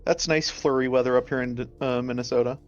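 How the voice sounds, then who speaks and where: A man playing in a tabletop game, joking quickly with the group. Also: medium pitch, fairly even intonation, faint music behind. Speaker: player. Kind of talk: casual chat at a game table. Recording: dull lo-fi mic.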